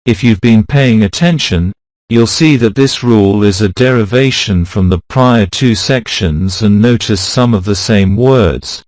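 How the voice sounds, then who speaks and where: A man narrating a scripted pronunciation lesson, reading example words slowly and deliberately. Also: lowish voice, darkish tone, no echo. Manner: slow, deliberate, reads words out one by one. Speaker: pronunciation teacher.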